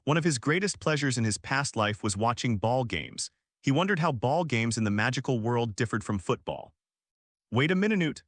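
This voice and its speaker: A man reads fan fiction as an audiobook, narrating with a steady, even delivery at normal speed. His voice is middle-pitched, and the recording is dry and close, with no room sound or echo.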